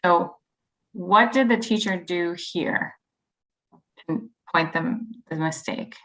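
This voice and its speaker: Bright low-voiced woman leading a workshop. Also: slow pace, low-quality recording. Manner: friendly explanatory, many ums, models sample sentences. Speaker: teacher trainer leading a workshop. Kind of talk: online teacher-training workshop.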